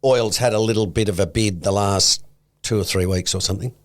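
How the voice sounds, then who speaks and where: A man's voice: on the low side, fairly even intonation, a little fast. A man co-hosting a podcast, thinking aloud and hedging his points in casual chat. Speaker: podcast co-host.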